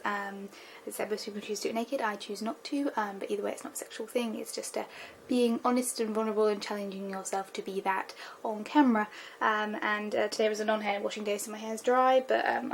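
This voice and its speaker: A young woman with an English accent talks straight to camera in a loose, rambling vlog. She fills her sentences with ums and often rushes ahead in quick bursts. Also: a little high, steady tone, creaky, darkish tone, a little hiss or hum. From England. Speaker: vlogger. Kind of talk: casual vlog monologue. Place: home, just out of the shower.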